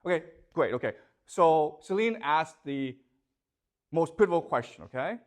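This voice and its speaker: A man's voice: on the high side, animated, moderate pace. A man giving a classroom lecture, posing rhetorical questions and constantly checking that his students follow.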